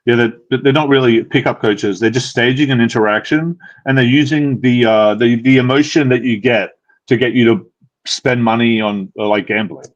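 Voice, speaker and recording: A man's voice: mid-range voice, steady tone, normal speed, dull audio. A man with an Australian accent, hosting a live dating-advice Q&A in a casual, rambling way with lots of fillers and restarts. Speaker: dating coach, live Q&A host. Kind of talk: casual live-stream chat.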